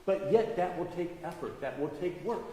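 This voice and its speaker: A man's voice: a little high, moderate pace, warm tone, a little hiss or hum, close to an everyday voice. A man voicing a determined, hardworking little red hen from a children's fable, read plainly in an echoey church hall. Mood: resolute.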